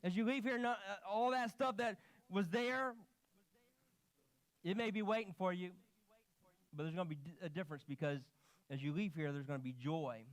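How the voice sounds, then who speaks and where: Animated preacher man in a church. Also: high-pitched, moderate pace, pauses often, clean tone. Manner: animated storytelling, quoting himself and others. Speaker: pastor. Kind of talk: sermon. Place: church sanctuary.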